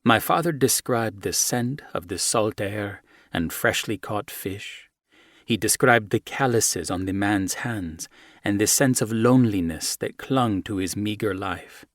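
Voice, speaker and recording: Male audiobook narrator, low and soft, measured first-person romance reading, very dry close mic. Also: dry recording.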